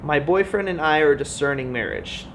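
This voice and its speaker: A young man chatting casually in a Q&A vlog, goofy and animated, now and then breaking into loud high-pitched yelps. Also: moderate pace, a little hiss or hum. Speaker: vlogger.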